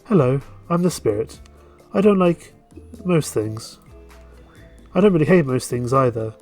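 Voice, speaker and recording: A man voicing a sulky, scornful young goth woman in a game, in a put-on high voice. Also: animated, a little slow, darkish tone, soft background music, natural voice. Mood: gloomy.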